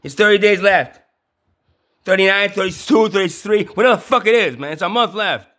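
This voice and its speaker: Man, profane rant, stammers and repeats words, yells at times, fairly high pitch. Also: brisk. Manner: stammering repetitions, heavy swearing, yelling. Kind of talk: profane ranting monologue.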